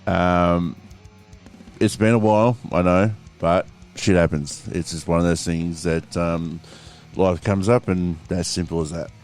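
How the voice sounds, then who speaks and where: Australian man, podcast co-host, slow relaxed delivery, lowish voice, casual swearing banter. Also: soft background music. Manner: laid-back, swears freely, laughs often. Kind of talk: casual chat.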